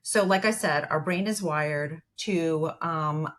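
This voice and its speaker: Woman therapist, podcast guest, lowish voice, chatty, filler-heavy explainer. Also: takes it slowly. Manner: explains at length with many fillers, retells client dialogue. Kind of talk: conversational podcast interview.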